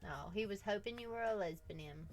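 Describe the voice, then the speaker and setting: A woman's voice: mid-range voice, moderate pace, music in the background. A woman hosting a drawing livestream from home, chatting casually, reading chat aloud and laughing often. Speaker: art livestream host.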